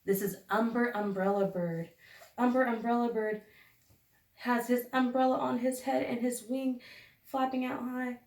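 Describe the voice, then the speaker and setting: A woman teacher leading a phonics lesson for young children, sounding out each letter slowly and deliberately. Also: a little high, fairly even intonation, darkish tone. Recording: echoey room, recorded from a distance.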